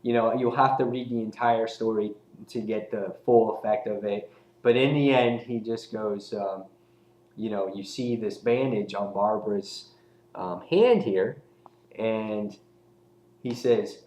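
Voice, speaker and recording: A man's voice: fairly low pitch, takes it slowly, warm tone, echoey room, low-quality recording. A man giving a casual, rambling comic book review, full of fillers and restarts.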